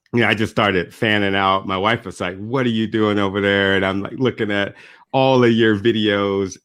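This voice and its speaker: A man hosting a podcast interview, upbeat and excitable, chatting casually with his guest. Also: lowish voice, clean tone, no echo. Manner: upbeat, excitable, says "super stoked". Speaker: podcast host.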